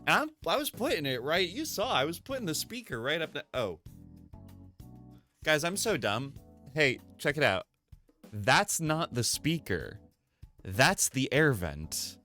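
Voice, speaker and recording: A man's voice: on the high side, a little slow, pauses often, faint music behind. A man chatting casually on a live stream from his home desk, rambling, swearing and poking fun at himself, into a desk mic. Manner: animated, rambling, swears, self-deprecating. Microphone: desk microphone through a mixer.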